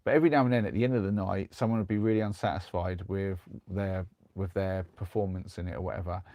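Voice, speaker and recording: A young man with a lowish voice spins a long, rambling anecdote on a live stream, restarting his sentences as he goes. The sound is close and dry, with no room around it. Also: fairly even intonation, quick pace, no room sound, muffled recording. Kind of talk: casual chat and storytelling. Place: converted van.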